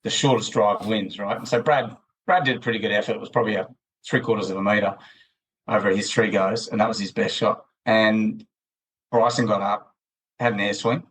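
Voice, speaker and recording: A man's voice: lowish voice, fairly even intonation, brisk, a bit bright, slightly rough, rough recording. A man with an Australian accent, a podcast guest talking at length in a loose, rambling way full of restarts. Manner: rambling, many restarts and fillers. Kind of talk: casual interview chat.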